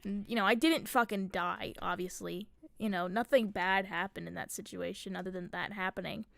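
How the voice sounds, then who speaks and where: A woman's voice: medium pitch, fairly even intonation, moderate pace, vocal fry, dry recording. A young woman streamer telling a story casually and with animation, swearing often as she goes.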